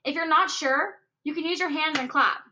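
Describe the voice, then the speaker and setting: A woman explaining a poetry lesson in an upbeat way, counting out syllables slowly and stressing each word. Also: sits high, background noise. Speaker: teacher. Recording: dull lo-fi recording.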